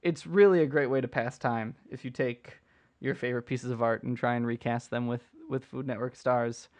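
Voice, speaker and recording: A man of ordinary middle pitch chats through an unedited livestream, answering viewer questions. He rambles playfully and restarts his sentences often, while reading and typing at his computer. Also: fairly even intonation, normal speed. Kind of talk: casual unedited livestream chat.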